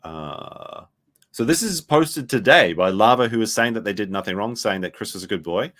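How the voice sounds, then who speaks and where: A man's voice: on the low side, expressive, normal speed, a bit bright. A man giving casual, rambling reaction commentary, full of fillers. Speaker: commentary streamer.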